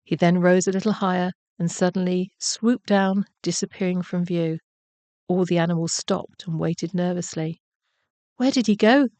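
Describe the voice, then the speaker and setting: A woman narrating a children's bedtime story in a gentle, measured way. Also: on the low side, little pitch movement, no room sound.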